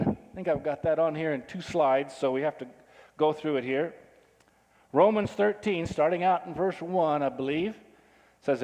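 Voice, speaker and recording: A man gives a sermon in an easy, conversational manner and keeps asking his listeners questions. His voice sits a little high for a man. A long reverb from the hall trails after his words. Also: darkish tone. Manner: conversational, asks the audience questions. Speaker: pastor.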